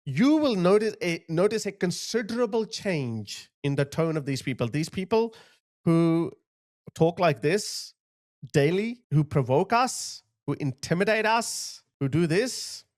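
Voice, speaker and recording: A male commentator talking straight to his audience in a blunt, emphatic rant. His voice sits a little high for a man. He drops casual asides and short laughs between points. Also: lively intonation, unhurried, darkish tone. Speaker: political commentator. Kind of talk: opinionated monologue to camera.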